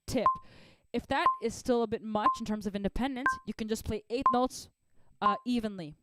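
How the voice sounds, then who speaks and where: A woman's voice: fairly high pitch, normal speed, loud music behind the voice. A woman teaching a live online drum lesson, upbeat and encouraging, counting beats aloud over her playing. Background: drumming.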